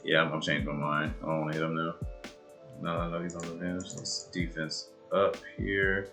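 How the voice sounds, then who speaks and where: A man giving live commentary on his own game match, swearing often and swinging from low muttering to loud outbursts. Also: flat delivery, moderate pace, music in the background. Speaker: gamer and video creator.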